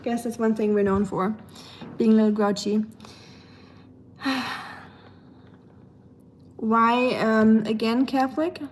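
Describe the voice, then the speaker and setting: A somewhat high-voiced woman with a German accent chats loosely through a live stream, picking up viewer comments as they come in. She talks from her home kitchen while dishes and pans clatter faintly in the background. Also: little pitch movement, slow pace, long pauses, slight background noise. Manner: chatty, answers viewer comments as she goes. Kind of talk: casual live-stream chat.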